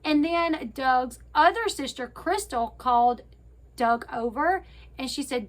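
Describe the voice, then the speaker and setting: A woman with a high-pitched voice retells a reality show to her viewers in a casual, chatty way. She talks straight to the audience, pads her sentences with fillers and corrects herself as she goes. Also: measured pace. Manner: chatty, addresses viewers directly; frequent fillers and self-corrections. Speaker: YouTube commentator.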